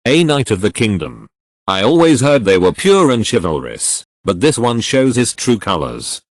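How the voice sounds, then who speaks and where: A man's voice: lowish voice, big pitch swings, normal speed, dry recording. A man voicing a haughty, scornful male dragon in a storybook reading.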